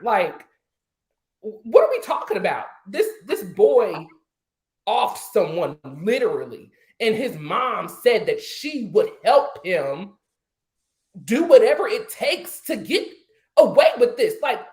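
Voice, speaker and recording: A man's voice: high voice, big pitch swings, measured pace. A man on an online panel, ranting in heated indignation and firing off rhetorical questions. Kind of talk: impassioned online panel talk. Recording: roomy echo.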